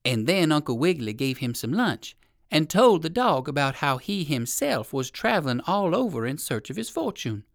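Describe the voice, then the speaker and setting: A storyteller narrating a children's tale in a playful, expressive way. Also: mid-range voice, normal speed, no room sound, clean studio sound.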